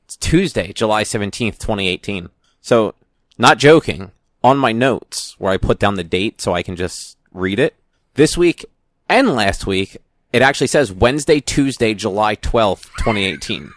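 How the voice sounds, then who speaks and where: A man's voice: lowish voice, expressive, moderate pace, dry recording. A young man hosting a casual podcast, rambling and correcting himself as he talks into a studio mic. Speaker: podcast host. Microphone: studio microphone.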